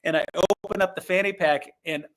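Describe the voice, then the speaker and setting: A man's voice: high-pitched, steady tone, brisk, fairly bright tone. A man in casual group chat, telling a self-mocking story with many restarts. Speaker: guest contestant.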